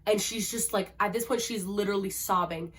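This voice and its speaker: Young woman fangirling over books, super emotional, lots of likes and ums, normal pitch. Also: steady tone, brisk, fairly bright tone. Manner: gushing and emotional, full of fillers, dramatic. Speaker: book reviewer. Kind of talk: casual chat about books.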